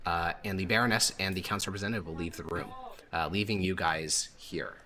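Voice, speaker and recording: A man narrating as game master for a tabletop campaign, relaxed and full of "uh" fillers. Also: low voice, fairly quick, slight background noise.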